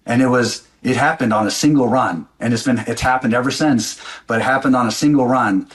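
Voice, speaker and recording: A man's voice: mid-range voice, a little fast. A middle-aged man, a podcast guest, telling a personal story in an intense, blunt way and swearing freely.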